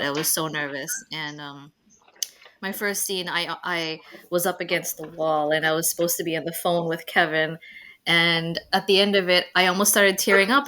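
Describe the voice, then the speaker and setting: A woman's voice: lowish voice, bright, forceful tone. A woman, a former cast member, sharing a memory in casual chat, earnest and emotional.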